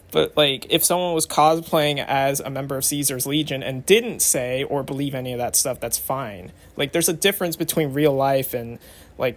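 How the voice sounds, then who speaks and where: A young adult man giving casual vlog commentary, chatty and rambling with lots of fillers. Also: medium pitch. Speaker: vlogger.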